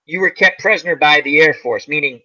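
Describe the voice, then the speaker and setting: A man's voice: fairly high pitch, a little fast, bright, forceful tone. A man hosting a casual chat, rambling through a movie plot and acting out its lines. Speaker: channel host. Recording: dull lo-fi sound.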